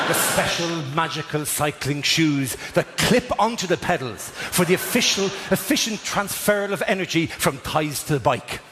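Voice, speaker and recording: Man, middle-aged, stand-up comedy, slightly high voice, long hall reverb, audience noise. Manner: animated, with sudden high-pitched shouts. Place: large theatre stage.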